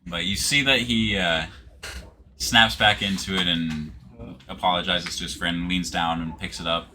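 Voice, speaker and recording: Deep-voiced man running a tabletop game. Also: moderate pace, a little hiss or hum. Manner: relaxed narration with frequent uh fillers. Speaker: game master. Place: home setup streaming live.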